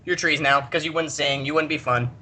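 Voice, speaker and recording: A podcast host telling a story in an animated chat, laughing often. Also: medium pitch, a little fast, noisy background.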